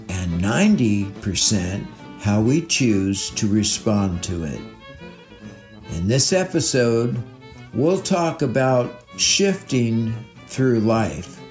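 A man's voice: medium pitch, darkish tone. A man hosting a podcast and interviewing a friend in a casual, upbeat way with light chuckles. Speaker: podcast host.

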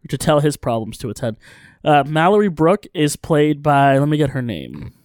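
A man co-hosting a podcast, chatting casually and recapping an episode in a relaxed, agreeable way. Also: a little high, normal speed, no room sound, studio quality. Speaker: podcast co-host.

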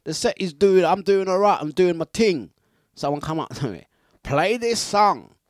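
A man's voice: high voice, lively intonation, fairly quick, darkish tone, no room sound, studio quality. A man hosting a breakfast radio show in casual, teasing, playful chat. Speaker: radio DJ and host.

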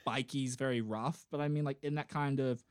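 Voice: medium pitch, a little fast, clear, resonant tone. Joking, swearing podcast co-host. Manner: animated, jokey, swears freely. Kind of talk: casual chat.

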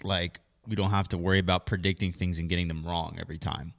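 A man's voice: low voice, little pitch movement, fast, gravelly. A man co-hosting a casual podcast, rambling with lots of fillers and joking along. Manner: rambling, filler-heavy, jokey. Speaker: podcast co-host.

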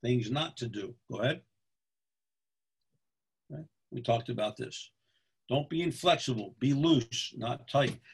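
Middle-aged ref from pennsylvania giving a folksy talk to officials, raspy voice, keeps saying okay. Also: male voice, medium pitch, unhurried, long pauses. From Pennsylvania, USA. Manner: folksy storytelling, repeats points, tags lines with "okay?".

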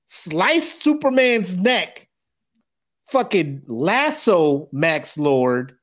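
A man co-hosting a casual podcast, talking loosely and profanely. He acts out scenes in quick put-on voices, and his pitch swings widely from line to line. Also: very animated, a bit bright. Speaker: podcast co-host. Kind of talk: casual chat.

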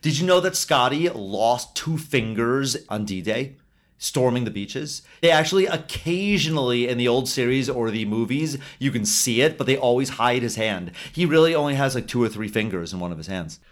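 A man's voice: medium pitch, lively intonation, moderate pace. A man co-hosting a podcast, talking casually about a film and trading trivia in a dry, playfully argumentative way. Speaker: podcast co-host.

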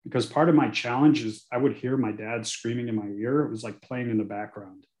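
A man in his forties with a medium pitch talks candidly and earnestly as a podcast guest, growing animated and occasionally cursing. His voice bounces around a roomy, echoey space. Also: brisk. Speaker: guest, attorney. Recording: echoey room.

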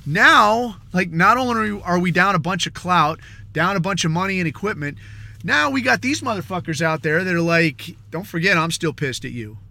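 A male podcast host in a casual political rant, swearing often, rambling, and dropping "dude" and "man" as he mocks others in quick asides. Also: high-pitched, lively intonation, vocal fry, bright, forceful tone.

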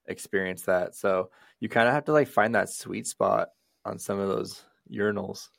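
Gravelly, laid-back male co-host. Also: lowish voice, normal speed, a bit bright, no echo, clean studio sound. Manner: laid-back, rambling, crude. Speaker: podcast co-host. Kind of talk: casual podcast chat.

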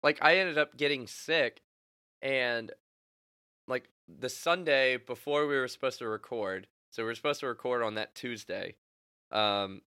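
A young man co-hosting a podcast, chatting casually and telling animated stories with lots of laughter and acted-out quotes. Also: medium pitch, measured pace, smooth, no echo, studio quality. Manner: laughs often, animated storytelling with voiced quotes. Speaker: podcast co-host. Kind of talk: casual chat.

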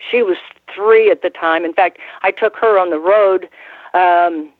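A woman's voice: lowish voice, a little slow, dry recording. A woman in her sixties, a former ring announcer, telling rambling stories in a casual interview and laughing often. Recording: tinny phone line, dry.

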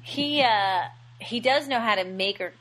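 A woman co-hosting a podcast, recapping a horror film in an animated, casual way. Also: medium pitch, measured pace, slight background noise. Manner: animated, acts out characters' lines. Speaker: podcast co-host. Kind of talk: casual movie recap chat.

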